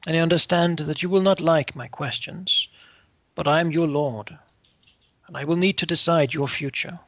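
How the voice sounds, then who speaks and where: A man's voice: a little high, fairly even intonation, moderate pace, a bit bright, no room sound, dull audio, voice pushed up, lightly acted. A man voicing a stern, formal noble lord in a tabletop game. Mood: grave.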